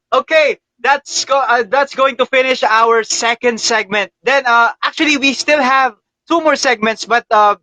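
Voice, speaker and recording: A man's voice: high voice, sharp tone, no room sound, rough recording. A young Filipino man with a Filipino accent hosting a casual livestream interview, chatty and laughing often with many fillers. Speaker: interview host.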